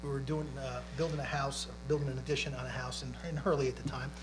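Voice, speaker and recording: A man's voice: mid-range voice, level tone, fast talker, noisy background. A middle-aged man, a police chief, telling stories and explaining at a public library talk, often tagging lines with "right?". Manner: chatty, tags lines with "right?". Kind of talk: public panel talk, storytelling. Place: library community event.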